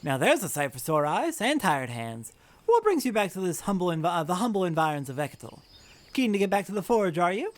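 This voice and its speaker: Confident, wordy engineer with old-fashioned phrasing and animated pitch, as a man reads him. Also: a little fast. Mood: brisk. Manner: formal, wordy, slightly pompous.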